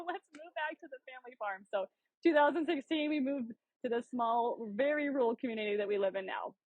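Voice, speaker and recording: A woman's voice: high voice, fairly quick, dry recording, highs cut off. A woman in her thirties from South Dakota, a bubbly podcast guest telling her story with lots of laughs and fillers. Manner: bubbly, animated, laughs often, many "like" fillers. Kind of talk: casual storytelling interview.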